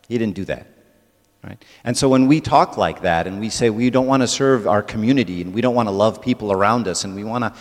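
A man's voice: lowish voice, in a large hall. A man giving a conversational church talk to a congregation, often checking in with "right?". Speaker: church speaker.

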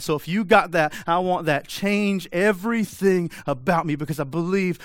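A man's voice: high-pitched, moderate pace, hardly any pauses, no echo, studio quality. A man preaching a sermon, pressing his listeners with repeated rhetorical questions in a direct, urgent manner. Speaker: pastor.

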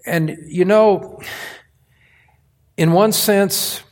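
A man gives a sermon from the pulpit as a pastor, earnest and forceful, choosing his phrasing deliberately to hammer each point home in church. He speaks in a high, steady voice.

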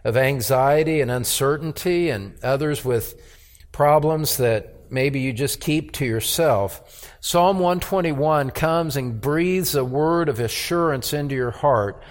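Slow-preaching man in a reverberant hall. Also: a little high. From United States. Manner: slow, deliberate, repeats key words for emphasis. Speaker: pastor. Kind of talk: expository sermon. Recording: long reverb of a church hall.

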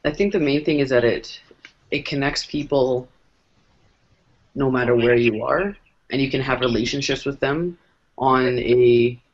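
A man speaking as a guest in a casual panel chat, thoughtful and rambling, with many restarts. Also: medium pitch. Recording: dull lo-fi sound.

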